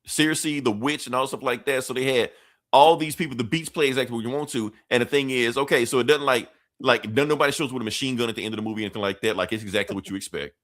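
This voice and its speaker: A man co-hosting a podcast in casual chat, talking in an animated, profane way and laughing often. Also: mid-range voice, fast. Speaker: podcast co-host.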